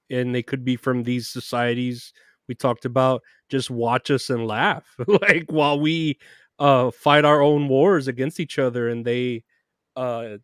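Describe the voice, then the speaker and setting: A man's voice: mid-range voice, clear, resonant tone, dry recording, studio quality. A man in a casual podcast conversation, speaking cynically, swearing freely and adding laughing asides.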